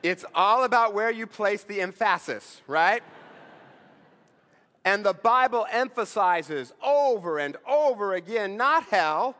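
A man with a fairly high voice delivers a sermon as a pastor. He talks to the congregation like a conversation, leaning on rhetorical questions. He builds to strong emphatic lines and then falls to a quiet hush, with the long reverb of a large hall around him. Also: lively intonation, slow. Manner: rises to emphatic bursts, then drops low and quiet.

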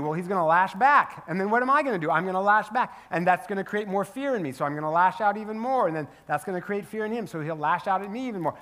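A man, a pastor, preaching a sermon in church, telling stories and often asking "right?". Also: high voice. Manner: storytelling, animated, asks the crowd "right?". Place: church sanctuary.

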